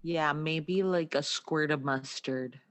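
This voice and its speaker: Slow-talking relaxed chatter. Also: mid-range voice, smooth. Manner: relaxed, laughs often. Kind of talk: casual chat.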